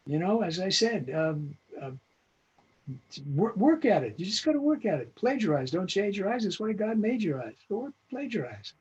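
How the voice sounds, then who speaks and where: A man's voice: high-pitched, very animated, normal speed, a little mellow, slightly rough, muffled recording. An older man, a veteran voice actor, giving blunt, emphatic advice as an interview guest over a video call.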